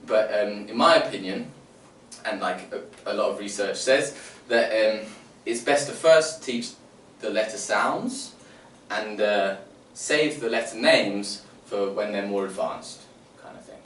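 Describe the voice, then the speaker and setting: A man's voice: on the low side, a little slow, a bit bright. A man presenting phonics teaching to other teachers, sounding out letters and explaining step by step. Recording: roomy, distant mic, faint room noise.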